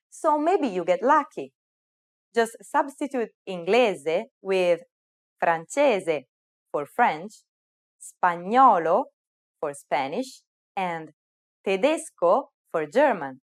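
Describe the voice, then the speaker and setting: A woman presenting a short scripted language tip in an upbeat, clear way, slowing down on the foreign words. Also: mid-range voice. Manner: upbeat, clear, speaks target words slowly. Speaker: language teacher. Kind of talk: scripted lesson narration.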